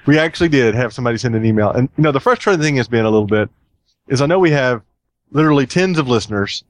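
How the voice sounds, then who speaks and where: A man's voice: medium pitch, lively intonation, fast talker, dry recording. A man hosting a casual podcast, rambling and chatty with plenty of fillers. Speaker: podcast host.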